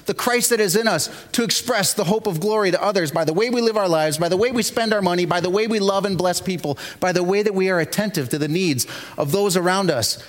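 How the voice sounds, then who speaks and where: A man preaching a sermon as pastor, telling stories with rising energy. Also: fairly high pitch. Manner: animated storytelling, builds to shouts.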